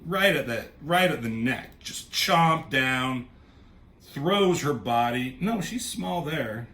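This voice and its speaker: A man casually recapping a comic book issue as a reviewer, rambling and tossing in quick offhand character voices. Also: medium pitch, expressive, pushed and bright.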